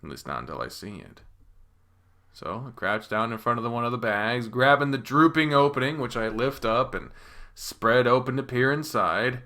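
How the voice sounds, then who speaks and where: A man reads a visual novel aloud in the first person, and his delivery is expressive and profane. His tense, bright voice climbs and dips widely, sinking to a hush and then pushing loud. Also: medium pitch, moderate pace. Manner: expressive, swearing, swings between hushed and loud. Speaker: reader voicing a visual novel. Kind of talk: first-person dramatic game reading.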